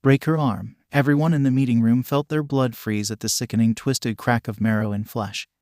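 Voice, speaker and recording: A man narrating a fan fiction story in a steady, even storytelling manner. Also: mid-range voice, a little fast, dry recording, clean studio sound.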